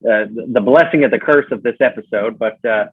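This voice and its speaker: A man with a Southern US accent talks as a podcast guest, meandering through his thoughts with many fillers. His voice sits at an ordinary pitch. It comes through a narrow, phone-like line with no room echo. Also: a little fast, slightly rough. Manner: rambling, lots of fillers and restarts. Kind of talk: casual podcast chat. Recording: tinny phone-like line, dry.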